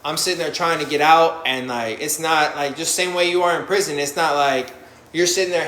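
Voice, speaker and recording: A blunt young man speaks in a bright, forceful voice, swearing freely and acting out his own past reactions. He talks a little higher than most men, and the sound bounces around an echoey room with a faint hum behind it. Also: brisk. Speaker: formerly incarcerated guest on a live panel. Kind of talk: candid conversational storytelling.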